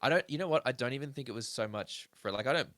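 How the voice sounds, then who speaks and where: A man's voice: mid-range voice, expressive, fast talker, a bit bright, no echo. A man in his thirties hosting a music podcast, talking in a casual, rambling way with plenty of swearing. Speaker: podcast host. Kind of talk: casual chat.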